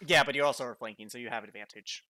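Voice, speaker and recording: Male game master, bright voice, slow dramatic narration. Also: mid-range voice, no room sound. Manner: slows right down for dramatic narration.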